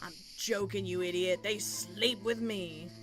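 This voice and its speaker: A woman's voice: mid-range voice, steady tone, measured pace, natural voice. A woman voicing a rude, drunk man who stutters and insults people, in a put-on Southern drawl, with game music behind. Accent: put-on American Southern.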